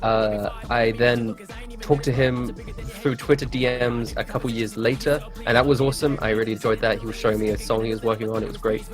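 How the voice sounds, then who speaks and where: A man's voice: mid-range voice, fairly even intonation, brisk, over music. A young man from England with an English accent, chatting as an interview guest in a laid-back, rambling way. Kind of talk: casual interview chat.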